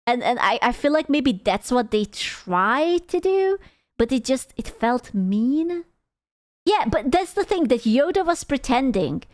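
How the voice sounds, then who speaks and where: A woman's voice: sits high, sing-song, a little slow, no echo, studio quality. A woman streamer casually reacting to a video, rambling, stumbling over words and swearing freely.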